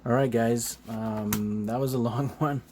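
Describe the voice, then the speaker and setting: A man casually paging through a comic book on camera, chuckling often, filling pauses with "uh", swearing loosely and acting out the characters' lines. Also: medium pitch, noisy background. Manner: chuckling, loose, acts out quick character quotes; many fillers, relaxed swearing. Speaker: comic book video host. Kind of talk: casual flip-through commentary.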